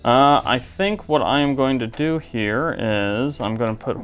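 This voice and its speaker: A male host at an average pitch whose voice swings lively up and down as he talks. He chats casually through a card game and makes good-humored jokes at his own expense. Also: measured pace, clear, resonant tone. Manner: good-humored, self-deprecating. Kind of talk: casual chat while playing a card game.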